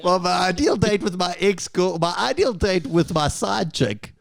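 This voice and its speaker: Gravelly man joking around. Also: high voice, moderate pace. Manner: joking, teasing, laughs often. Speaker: podcast co-host. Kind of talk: casual banter.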